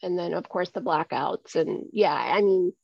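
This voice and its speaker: A woman's voice: on the low side, moderate pace, gravelly, dry recording. A woman in her forties, a guest in a conversational interview, talking earnestly and often repeating words as she gathers her thoughts. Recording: dull lo-fi recording.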